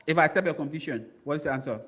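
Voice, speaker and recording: A man's voice: on the high side, racing, fairly bright tone. A man with a Liberian English accent moderating a school quiz bowl, reading questions and repeating commands to hurry contestants.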